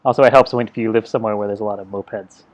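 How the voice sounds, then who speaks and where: A man chatting casually on a podcast, agreeable and quick to chuckle along. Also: on the low side, steady tone, highs cut off. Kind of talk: casual chat.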